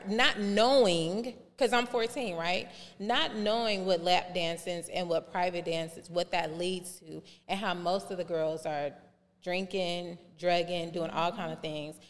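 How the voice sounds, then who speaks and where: A woman telling a long personal story in a casual podcast chat, animated and acting out remembered dialogue in different voices. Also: mid-range voice, normal speed. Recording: reverberant room with faint background noise.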